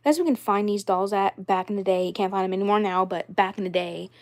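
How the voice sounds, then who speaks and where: A woman's voice: medium pitch, fast talker, darkish tone. Rambling young woman doll vlogger. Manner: rambling and repetitive, many fillers. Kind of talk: casual doll-collection vlog.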